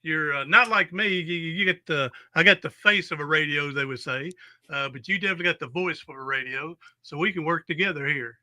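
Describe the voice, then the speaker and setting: A man's voice: fairly high pitch, fairly quick, bright, forceful tone. A man hosting a podcast, with a folksy, exuberant pep-talk manner and rambling asides. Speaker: podcast host. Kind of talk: casual interview chat.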